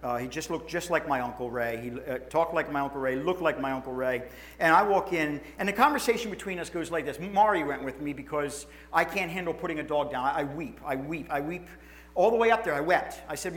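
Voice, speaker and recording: This is a man, a pastor speaking from the pulpit in a slightly higher-than-usual male voice. He tells stories with emotion and animation, acts out the other people in them, and often doubles back on his words. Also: fast talker. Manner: animated, emotional storytelling with restarts and acted-out quotes. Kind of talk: sermon storytelling.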